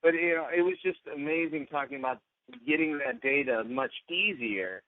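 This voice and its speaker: A man co-hosts a podcast, chatting casually in a rambling way and often cutting himself off mid-sentence. His voice sits on the high side at a moderate pace, and the dry recording has a tinny, phone-like sound.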